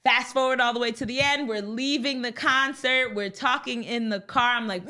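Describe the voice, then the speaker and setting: A woman's voice: a little high, fairly even intonation, normal speed, pushed and bright. A young adult woman co-hosting a podcast, telling a story in casual chat and acting out the quotes with laughs and big swings in her voice. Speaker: podcast co-host.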